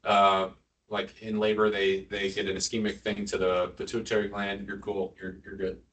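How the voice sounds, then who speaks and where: In a hospital lecture room, a lowish, slightly bright male voice delivers a joking, informal neurosurgery talk to nurses at a moderate pace, yet his delivery stays completely flat. He quizzes the audience and adds asides, recorded from a distance amid audience murmur.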